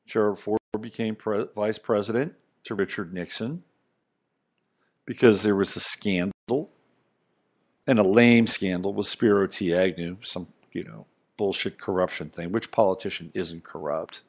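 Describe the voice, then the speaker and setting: A man's voice: lowish voice, steady tone, a little slow, slightly rough. Rambling, emphatic male podcast host. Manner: rambling, emphatic, conversational, with frequent asides. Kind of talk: casual monologue commentary.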